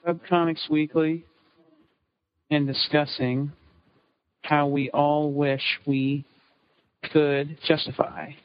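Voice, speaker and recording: Male podcast co-host, high voice, lively profane storyteller, muffled recording. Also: slow pace, long pauses. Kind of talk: casual podcast chat. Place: convention booth. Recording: dull lo-fi recording.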